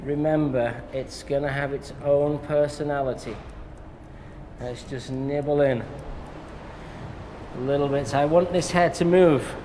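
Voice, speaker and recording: English hairdresser guy chatting thru a cut, relaxed and jokey, echoey salon, noisy. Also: fairly high pitch, a little slow. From England. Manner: relaxed, jokey, talks while cutting. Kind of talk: live haircut tutorial with banter.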